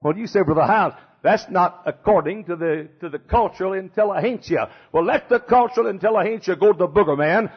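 An older pastor preaching with fierce emphasis, hammering his points with repetition and dropping from shouts to near-hush. His voice is fairly high and husky. The recording sounds dull and muffled. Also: sing-song, brisk, few pauses. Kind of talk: fiery sermon.

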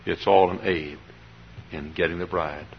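A man's voice: deep voice, steady tone, measured pace, long reverb tail, slight background noise. An older man preaching a sermon with fervor, often repeating his phrases. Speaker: pastor. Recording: dull lo-fi sermon recording.

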